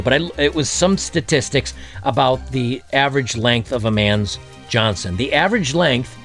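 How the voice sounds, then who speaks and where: Male vlog host, mid-pitched, crude self-amused banter, faint music under. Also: a bit bright. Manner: crude, joking, laughs at his own jokes. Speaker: dating commentary vlogger. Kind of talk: casual monologue.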